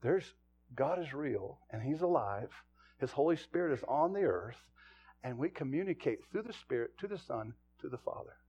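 A man preaching a sermon to his congregation as pastor, swinging from loud exclamations to hushed, low asides. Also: lively intonation, normal speed, slightly rough, dull audio.

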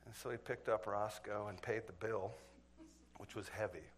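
A man's voice: fairly low pitch, steady tone, moderate pace. A man preaching a sermon, telling a story in a folksy, chuckling way and speaking to the crowd as folks.

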